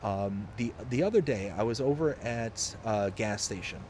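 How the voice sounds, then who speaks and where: A man's voice: fairly low pitch, animated, moderate pace, darkish tone, slight background noise. A young man from the US South hosting a live game stream, chatting casually and reading chat messages aloud in an upbeat, rambling way. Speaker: livestream host.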